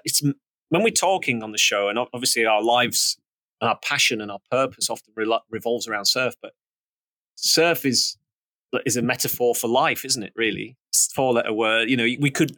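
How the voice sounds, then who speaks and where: Bright-voiced reflective podcast host, man. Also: mid-range voice, dry recording. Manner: rambling, many fillers and restarts, philosophical. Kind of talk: reflective conversational chat.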